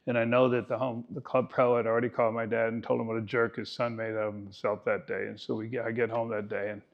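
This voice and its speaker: A man's voice: mid-range voice, flat delivery, fast, gravelly, lo-fi sound. A man in his eighties giving a keynote talk as a golf coach, telling stories with folksy, self-mocking humor. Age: 80s.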